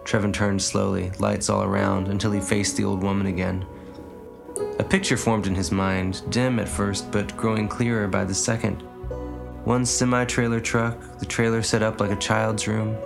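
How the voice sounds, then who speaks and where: A man narrating an audiobook story in a measured, even way. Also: fairly low pitch, vocal fry, music in the background. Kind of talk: audiobook reading.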